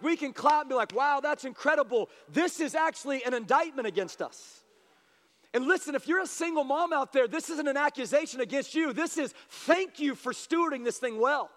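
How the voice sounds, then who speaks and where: Fervent male preacher, strikingly high pitch, booming church reverb. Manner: impassioned, rising to shouted appeals. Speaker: pastor. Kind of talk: sermon. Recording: long hall reverb.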